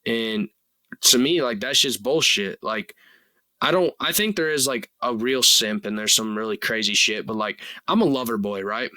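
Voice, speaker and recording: Man, twenties, solo podcast host, very bright tense tone, dry close sound, rambling, earnest, lots of fillers. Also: mid-range voice, moderate pace, no echo, rough recording. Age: 20s. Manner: earnest and rambling, full of "like" and "you know", casual swearing. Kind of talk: casual solo podcast monologue.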